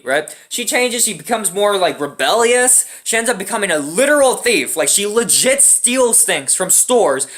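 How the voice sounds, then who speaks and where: Animated young man ranting, bright voice. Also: high-pitched. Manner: animated and profane, keeps tagging "right?". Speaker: storyteller. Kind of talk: casual storytime rant.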